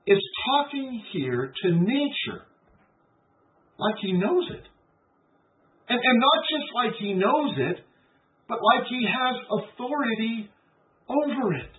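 A man preaching a sermon who acts out doubting questions and scripture in a lively way. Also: very high voice. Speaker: pastor. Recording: tinny phone-like sound, roomy, from a distance.

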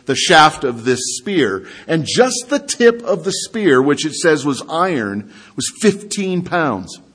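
A man preaching a sermon in a conversational way, often asking the congregation rhetorical questions. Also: fairly high pitch. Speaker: pastor.

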